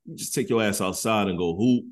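A man's voice: fairly low pitch, brisk. A man co-hosting a podcast, joking and laughing in casual chat.

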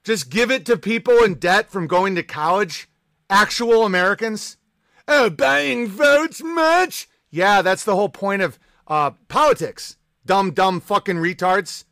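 Male streamer, high pitch, dry close sound; profane, combative, sarcastic ranting. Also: normal speed, a bit bright, dry recording. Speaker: livestream host. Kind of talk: ranting live-stream chat.

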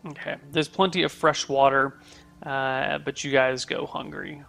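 A man running a tabletop game as game master, chatty and relaxed. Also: on the high side, measured pace, vocal fry, faint music behind.

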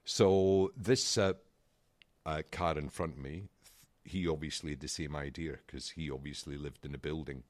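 A middle-aged man on a podcast, telling an animated, exasperated anecdote in casual chat. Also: extremely low pitch, moderate pace, no room sound. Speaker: podcast co-host.

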